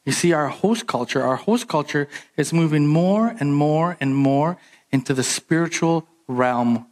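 A man preaching a sermon as pastor, animated and emphatic, jumping up in pitch on his key points. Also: measured pace.

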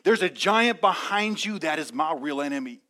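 A man voicing a humble younger brother who answers casually and calmly. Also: fairly high pitch, normal speed. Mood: resolute. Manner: casual, unbothered.

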